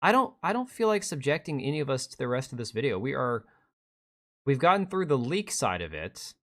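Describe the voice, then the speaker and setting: A man's voice: medium pitch, big pitch swings, a little fast, fairly bright tone. Man, streamer, sarcastic reaction commentary, swearing, mocking quotes. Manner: sarcastic, swears, mocks in put-on whiny quotes.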